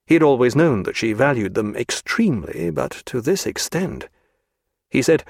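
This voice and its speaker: Measured man reading a novel, dry sound. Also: medium pitch, dry recording. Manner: measured, even storytelling. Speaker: audiobook narrator. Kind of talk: scripted narration.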